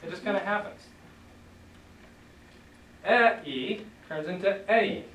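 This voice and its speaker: A man teaching a class, relaxed, leading students in repeating sounds. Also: sits high, slow pace, a little hiss or hum. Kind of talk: classroom lesson. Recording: echoey room, voice from far off.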